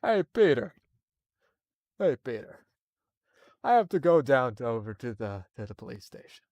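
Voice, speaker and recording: A man putting on an impression of a gruff, gung-ho middle-aged cartoon cop, stuck in one emphatic inflection. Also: mid-range voice, very animated, moderate pace, a little mellow, no room sound, close to an everyday voice.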